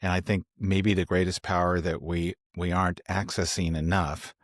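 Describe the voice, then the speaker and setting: A man speaking in a measured, reflective way in a casual podcast conversation, often restarting his phrases. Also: low voice, flat delivery, no echo, studio quality.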